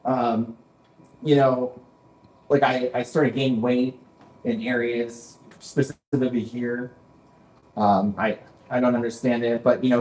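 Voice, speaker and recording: A man's voice: mid-range voice, fairly even intonation, measured pace, pauses often, a little mellow. A man in his forties doing a dry stand-up set, often repeating "that's right" after a punchline. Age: 40s. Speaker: stand-up comedian. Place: basement comedy club. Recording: echoey club room.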